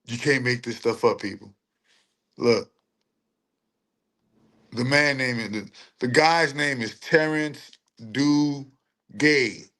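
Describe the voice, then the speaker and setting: A man's voice: mid-range voice, pushed and bright. A man hosting a livestream, with casual, slangy commentary that he drags out and laughs through. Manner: slangy, laughing, drawn-out mocking repetition. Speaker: livestream host.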